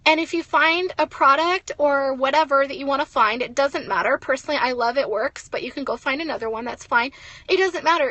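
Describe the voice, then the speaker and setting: A woman's voice: sits high, sharp tone, no echo. A young woman giving a blunt, ranting motivational talk as a network marketing leader, swearing and saying "like" a lot.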